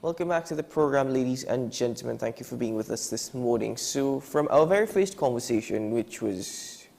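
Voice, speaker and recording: Upbeat morning show host, gravelly, dark tone, very animated pitch. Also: normal speed, over music. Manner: bubbly, laughs easily, lively delivery. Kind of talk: TV talk show hosting. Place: TV studio.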